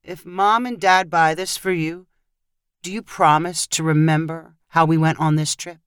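A woman's voice: deep voice, fairly even intonation, unhurried, clear, resonant tone, no room sound, studio quality. A woman reading aloud as a frustrated, thrifty father who snaps and grumbles. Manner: snappish, grumbling. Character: frustrated thrifty father, middle-aged man.

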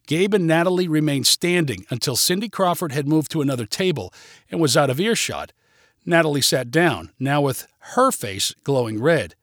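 Lively, expressive male storyteller. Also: fairly high pitch, moderate pace, no echo, clean studio sound. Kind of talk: reading a humorous short story aloud.

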